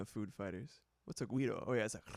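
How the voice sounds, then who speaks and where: A man's voice: fairly low pitch, normal speed, gravelly, a little mellow. A man chatting casually on a livestream while he builds sounds, rambling, laughing often and swearing. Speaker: streamer and music producer.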